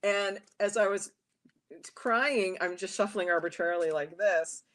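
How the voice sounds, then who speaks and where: A woman's voice: medium pitch, a little slow. A talkative woman, a tarot reader and guest, chatting casually in an interview and acting out little quoted voices as she tells her stories. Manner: talkative, animated storyteller who acts out quotes.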